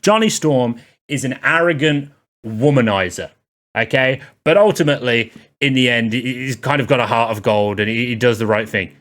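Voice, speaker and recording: A man's voice: mid-range voice, moderate pace, a bit bright. A man giving a sarcastic, rambling spoken film review, full of exasperated asides.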